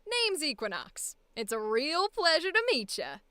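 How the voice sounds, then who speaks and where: A woman voicing a brave, loyal young southern adult for an audition, with a slight roughness in tone. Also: high-pitched, sing-song, measured pace, bright, forceful tone, no room sound, pitched above the performer's own voice, full character voice. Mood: friendly. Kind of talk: voice acting audition take.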